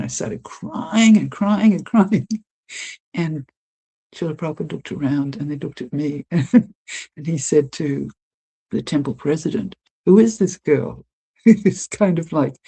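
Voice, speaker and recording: An older woman, a guest telling lively stories in an interview, laughing often and acting out what people said. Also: sits low, vocal fry, slightly rough. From Australia. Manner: lively anecdotal storyteller, laughs often, acts out quotes. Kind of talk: storytelling interview.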